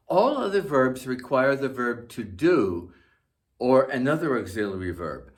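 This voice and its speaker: Slow, deliberate male language teacher. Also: mid-range voice. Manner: slow, deliberate, carefully enunciated. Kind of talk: scripted lesson narration.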